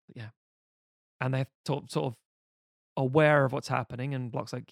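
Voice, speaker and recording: A man recaps a film in a loose, rambling way, swearing freely and joking as he goes. His voice sits in an ordinary middle pitch. The recording is close and dry. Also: fairly even intonation, moderate pace, gravelly, pauses often, no room sound. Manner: rambling, profane and jokey. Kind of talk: casual film recap chat.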